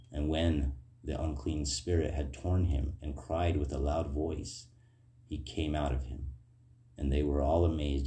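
Very deep-voiced preacher man, echoey room. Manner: rambling, earnest, fillers and tag questions. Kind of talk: informal sermon and scripture reading.

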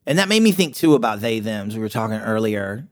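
A man's voice: lowish voice, very animated, a little fast. Joking, rambling middle-aged man. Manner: joking, irreverent, rambling with restarts. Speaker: podcast guest. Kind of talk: casual chat.

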